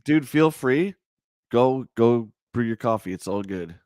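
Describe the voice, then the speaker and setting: A middle-aged man with a nasal voice, hosting a casual morning livestream chat in a relaxed, chatty way. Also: medium pitch, a little slow, smooth, no echo, studio quality. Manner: relaxed, chatty, laughs easily. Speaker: livestream host.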